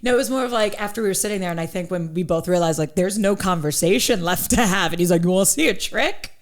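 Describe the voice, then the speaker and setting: A woman in her thirties, a comedian guest, telling stories in a quick, self-mocking way. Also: on the low side. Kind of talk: casual chat.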